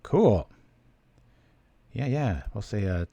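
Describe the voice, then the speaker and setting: A man's voice: lowish voice, lively intonation, normal speed, long pauses, dark tone, dry recording, dull audio. A man giving casual, chatty commentary while he plays a card game on stream, thinking aloud and thanking viewers.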